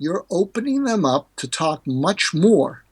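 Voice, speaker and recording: Older male guest, husky and fairly high, animated explainer who mimics the people he quotes. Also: unhurried. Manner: animated, acts out quoted dialogue with pitch jumps. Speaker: guest, hostage negotiator and author. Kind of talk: podcast interview, explaining techniques.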